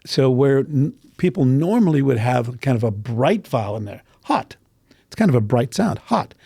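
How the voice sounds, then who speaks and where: A man with a mellow, dark voice talks through dialect sounds as a voice coach, stopping to act out the vowels himself. The recording is dry, with little room sound. He clears his throat now and then. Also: mid-range voice, lively intonation, normal speed, no echo. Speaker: voice coach guest. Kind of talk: casual interview explanation.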